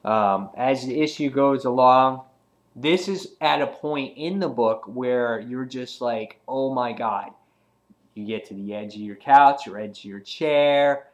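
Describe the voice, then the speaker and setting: Rambling male comic reviewer. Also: medium pitch. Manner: rambling, many fillers, acts out quotes. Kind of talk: casual chat.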